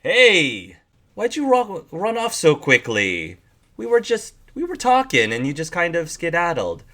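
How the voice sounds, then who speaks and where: A man's voice: fairly high pitch, wildly swooping pitch, unhurried, pushed and bright, voice pushed up, exaggerated voice. A man voicing a smug, pushy lizard-like chameleon man who pesters a woman. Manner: pushy, smug, then flustered.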